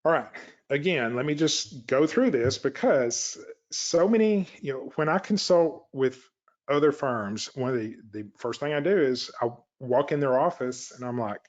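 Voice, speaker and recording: A man coaching other lawyers on running a practice, talking in a relaxed, conversational way and acting out clients' reactions in quick asides. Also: medium pitch, muffled recording. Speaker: elder law practice coach. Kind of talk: instructional talk to lawyers.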